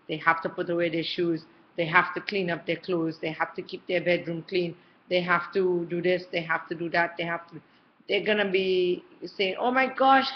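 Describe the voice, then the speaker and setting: A woman's voice: lowish voice, muffled recording, slight background noise. A middle-aged woman giving parenting advice to camera in a casual, chatty way, often checking in with her listener. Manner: warm, chatty, checks in often with "okay" and "all right".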